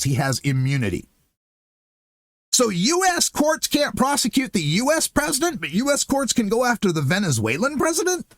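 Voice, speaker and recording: Animated, sarcastic male political ranter. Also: sits high, no echo, clean studio sound. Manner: sarcastic, incredulous, animated ranting. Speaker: political commentary show host.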